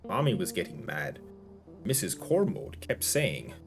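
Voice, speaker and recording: A man's voice: low-pitched, sing-song, a little slow, gravelly, soft background music, exaggerated voice. A man voicing a young woman with a child's mind who speaks in short, simple, childlike sentences, read aloud as a story. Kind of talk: audiobook-style reading.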